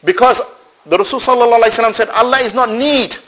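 Guy with a high voice giving a sermon, keeps asking the crowd questions then answering himself. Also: rapid-fire, rough recording. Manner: animated, swings between loud and soft; sprinkles Arabic religious phrases. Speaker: Islamic preacher. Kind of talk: sermon to a live audience.

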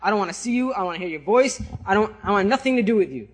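Man doing a pious hermit, reluctant, defensive, high husky voice. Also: lively intonation, very fast. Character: pious male hermit worshipper, reluctant and anxious.

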